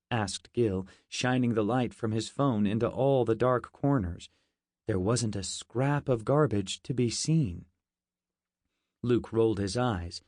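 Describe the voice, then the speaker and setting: A man reads a comic story in first person as an audiobook narrator, with a clear storytelling delivery. His voice sits at a medium pitch. The close-mic studio recording sounds dry. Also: a little slow, a little mellow, no echo.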